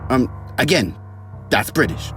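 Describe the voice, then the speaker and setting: A man's voice: medium pitch, big pitch swings, measured pace, a bit bright, soft background music, pitched below the performer's own voice. A man putting on a formal, matter-of-fact voice for a male lab assistant in a comedy skit. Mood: prim.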